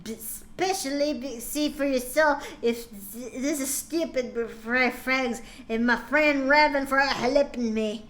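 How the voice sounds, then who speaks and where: High, slow-talking exasperated woman streamer. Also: a bit bright, a little hiss or hum. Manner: exasperated, laughing, sarcastic asides. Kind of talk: live-stream dramatic reading.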